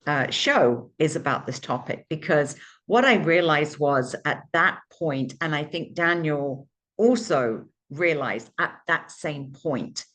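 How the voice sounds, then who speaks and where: A woman's voice: deep voice, expressive, takes it slowly, a bit bright. A woman hosting her own podcast, telling a candid, emotional personal story with frequent restarts and asides. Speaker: podcast host.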